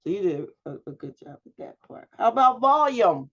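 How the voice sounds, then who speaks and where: A woman's voice: mid-range voice, big pitch swings, moderate pace, a bit bright. A woman teaching a public speaking class over a video call, prompting students with questions and giving feedback. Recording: dull lo-fi video call audio.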